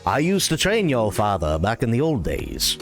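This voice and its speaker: A cryptic old martial arts master speaks in a low, grave voice, unhurried and mystical, as a man puts him on. Every line sounds like ancient wisdom passed down. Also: wildly swooping pitch, soft background music. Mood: solemn, cryptic.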